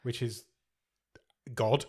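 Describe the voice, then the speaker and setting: A man's voice: extremely slow, a little mellow. A man co-hosting a casual film podcast, wry and sweary as he sums up the plot. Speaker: podcast co-host.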